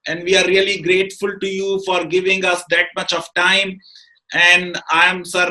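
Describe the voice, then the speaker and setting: A man's voice: high-pitched, sharp tone, poor audio. A man with an Indian English accent hosting an interview, speaking deferentially and measuredly, with many fillers. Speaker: interview host. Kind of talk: interview wrap-up and commentary.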